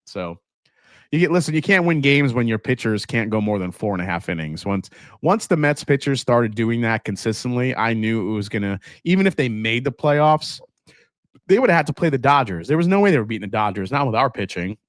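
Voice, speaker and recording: A man's voice: mid-range voice, animated, brisk, no echo, clean studio sound. A man hosting a casual live stream, chatting loosely and laughing as he reads viewer comments aloud. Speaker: whiskey livestream host.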